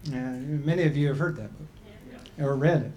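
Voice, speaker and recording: A man giving a talk and telling a traditional creation story in a measured, deliberate way with frequent pauses. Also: medium pitch, dark tone. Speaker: speaker.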